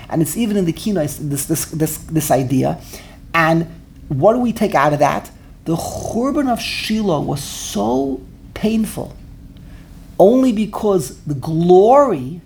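A man with a gravelly, fry-edged voice gives a lively Torah lecture in English, tripping over repeated words as he builds his point. Faint noise sits under his voice. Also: on the high side. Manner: animated, repeats words while searching for phrasing. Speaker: Torah teacher.

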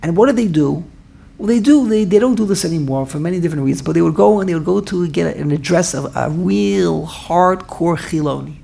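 Animated man teaching a Torah class. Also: on the high side, fairly quick, vocal fry, slightly rough. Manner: animated, repetitive, stumbles and restarts mid-sentence.

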